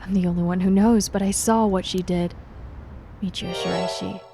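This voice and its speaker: A woman's voice: lowish voice, fairly even intonation, normal speed, lightly acted. A woman doing a nasal, panicky man witness. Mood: urgent. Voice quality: pinched nasal voice, nose plugged. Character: nervous frightened middle-aged man witness. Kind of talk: game voice-over read live. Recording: game music playing behind.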